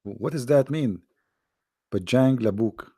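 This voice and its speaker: Hoarse gravelly man chatting on a livestream. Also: mid-range voice, slow, dark tone, no room sound, clean studio sound. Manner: teasing, laughs often, answers viewer questions. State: hoarse, voice strained and coughing. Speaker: livestream host answering chat. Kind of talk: casual livestream chat. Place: at home behind a computer.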